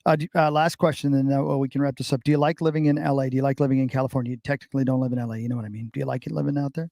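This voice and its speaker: Fast-talking radio host, man. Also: mid-range voice, steady tone, vocal fry, dark tone, no room sound, studio quality. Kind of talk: casual chat.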